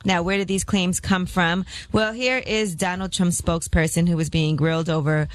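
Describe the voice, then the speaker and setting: A woman's voice: lowish voice, steady tone, moderate pace. A woman co-hosting a morning radio show, reporting gossip and news in a curious, chatty way. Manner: curious, questioning, conversational. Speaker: radio co-host, rumor reporter. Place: radio studio. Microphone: studio mic.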